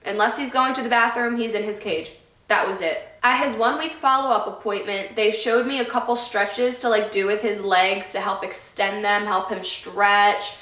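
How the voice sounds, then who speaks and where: Woman vlogger, middle-pitched voice, earnest and rambling to-camera talk, roomy echo on the recording. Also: fairly even intonation, normal speed, bright, forceful tone. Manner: heartfelt, rambling, loses her train of thought. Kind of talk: casual sit-down talk to camera. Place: indoor room away from her home. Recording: echoey room.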